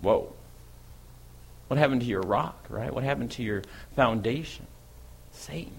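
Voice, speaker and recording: A man giving a first-person dramatic monologue as the apostle Peter, an impulsive and eager disciple, telling his story in a lively way that speeds up and swells when he gets excited. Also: medium pitch, measured pace, creaky, breathy edge.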